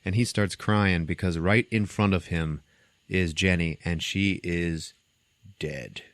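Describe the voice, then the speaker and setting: Deep-voiced man animatedly recapping a movie. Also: slow pace, no room sound. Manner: animated storytelling, acting out scenes. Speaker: podcast host. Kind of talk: casual comedic movie recap.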